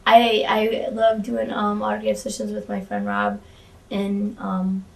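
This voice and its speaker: Heard from a distance, this woman's gravelly, medium-pitched voice moves little in pitch and keeps a measured pace. A former wrestling valet, she's a chatty, candid interview guest who restarts sentences and curses freely.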